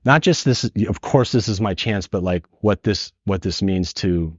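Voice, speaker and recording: Earnest middle-aged storyteller, low voice. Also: male voice, normal speed, no echo. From San Francisco. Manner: earnest, animated retelling with acted quotes. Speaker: podcast guest. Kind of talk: emotional storytelling. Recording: dull lo-fi dry podcast audio.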